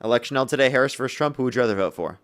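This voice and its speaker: A man's voice: mid-range voice, expressive, very fast, fairly bright tone, dry recording. Teasing man hosting a live debate stream. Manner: casual, teasing, laughs between lines. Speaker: livestream debate host.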